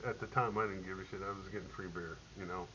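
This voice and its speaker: A middle-aged man, a military veteran, telling war stories in a casual, animated way, laughing often and acting out the people he quotes. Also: low voice, moderate pace. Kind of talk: casual spoken storytelling. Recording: dull lo-fi recording with faint hiss.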